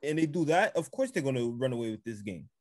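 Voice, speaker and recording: A man's voice: medium pitch, sing-song, fast, dry recording. Laid-back man on a dry podcast mic. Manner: laid-back, laughs often, repeats phrases for emphasis. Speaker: podcast co-host. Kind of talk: casual sports chat.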